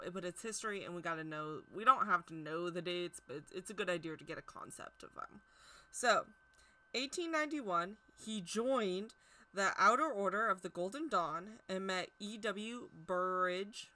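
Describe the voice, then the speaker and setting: A woman's voice: fairly low pitch, pushed and bright. A woman giving a casual, chatty history talk on tarot, stumbling over hard names and poking fun at herself. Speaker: tarot teacher.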